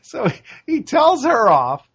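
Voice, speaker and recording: High-voiced man in casual movie chat. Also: breathy edge, lo-fi sound. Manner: animated, acts out lines in quick impressions. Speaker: podcast co-host.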